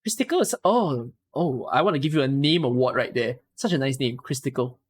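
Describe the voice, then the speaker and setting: A Singaporean woman with a Singaporean English accent, chatting casually with viewers on a live stream, rambling and breaking into excited exclamations. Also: very deep voice, brisk, breathy edge.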